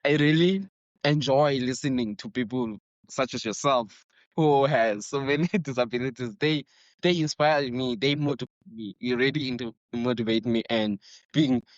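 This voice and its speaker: Halting man host, dull dry sound. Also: mid-range voice, no echo. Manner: halting, restarts sentences, earnest. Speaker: podcast host. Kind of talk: casual interview conversation.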